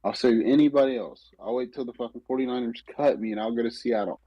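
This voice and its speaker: A man's voice: mid-range voice, fast, warm tone, no room sound, lo-fi sound. A man co-hosting a sports podcast, talking bluntly and dismissively in casual slang. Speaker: podcast co-host.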